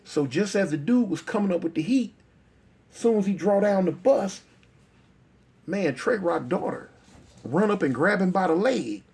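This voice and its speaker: Brief: male storyteller, gravelly husky voice, talks plain and repeats for effect. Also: sits high, lively intonation, moderate pace, pauses often, a little mellow. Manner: repetitive, conversational, emphatic. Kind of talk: oral street storytelling.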